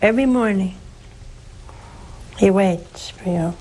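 A woman, a nun hosting a religious call-in show, teaching slowly and emphatically with rhetorical questions. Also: medium pitch, warm tone, slight background noise, low-quality recording. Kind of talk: devotional teaching and call-in advice.

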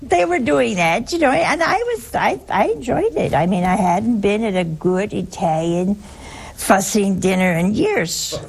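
Slow, gravelly older woman preaching. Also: medium pitch, slight background noise, low-quality recording. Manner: chatty, storytelling, lively asides. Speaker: religious speaker. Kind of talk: spoken religious talk to a broadcast audience.

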